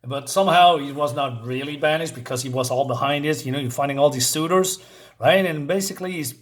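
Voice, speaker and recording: A man's voice: on the high side, brisk. Rambling man reviewing a comic. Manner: rambling, with many fillers and chuckles while retelling the plot. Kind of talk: casual review talk.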